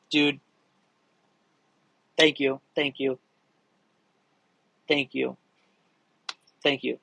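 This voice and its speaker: A young man with a slightly high voice, chatting live to viewers in a rambling, excitable way, cursing as he goes. The sound is dry and close, with no room around it. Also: gravelly, no echo, poor audio. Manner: rambling, excitable, swears freely. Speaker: livestream host answering viewer questions. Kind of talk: casual live chat.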